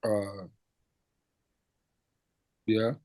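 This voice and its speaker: Man, lively storytelling DJ. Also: on the low side, drawn-out words. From France. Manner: animated, laughing, acts out quoted dialogue. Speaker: DJ guest. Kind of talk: casual storytelling interview.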